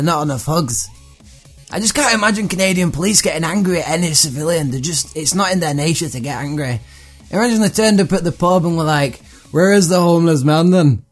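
Irreverent podcast host, high voice. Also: male voice, fairly bright tone. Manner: irreverent, profane, riffing. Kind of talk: comedic monologue reading tweets.

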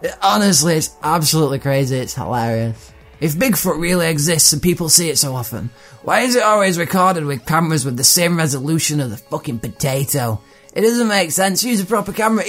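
A man's voice: on the high side, a bit bright. A man hosting a comedy podcast, sarcastic and profane as he mocks odd news stories. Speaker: podcast host.

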